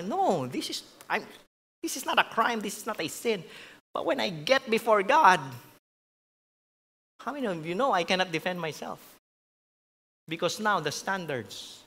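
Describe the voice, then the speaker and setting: A man's voice: on the high side, pushed and bright, big-room sound. A man with a Filipino accent preaching a sermon as pastor, switching between English and Tagalog in a conversational, joking way. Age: adult with a grown son. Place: large church hall.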